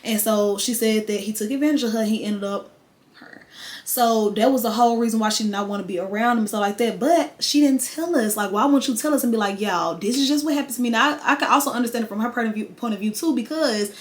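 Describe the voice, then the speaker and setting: A young woman chats through a story for her channel. Her voice sits a little high, and she slips into quoted voices as she retells what happened. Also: fast. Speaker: vlogger. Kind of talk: casual storytime.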